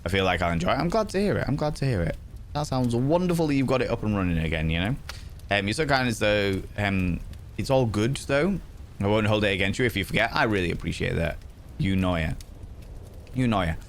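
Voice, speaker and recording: A man's voice: fairly low pitch, lively intonation, a little fast, slight background noise. A young man hosting a livestream, chatting casually and greeting viewers by name as he reads their comments aloud. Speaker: livestream host.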